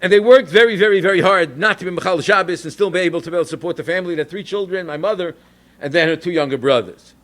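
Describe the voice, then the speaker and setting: Brief: rabbi telling a family anecdote, lively and quick, Yiddish phrases throughout. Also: male voice, sits high. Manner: animated, anecdotal, Yiddish and Hebrew terms. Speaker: rabbi and educator. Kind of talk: storytelling Torah talk.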